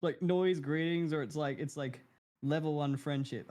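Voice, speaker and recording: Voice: mid-range voice, fairly even intonation, moderate pace, darkish tone. A co-streamer chatting casually and joking, laughing often.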